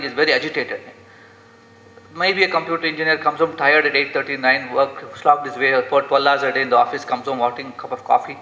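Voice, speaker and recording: A man's voice: on the high side, sharp tone. A man giving an earnest, impassioned lecture in an echoey lecture hall. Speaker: guest lecturer. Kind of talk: inspirational lecture.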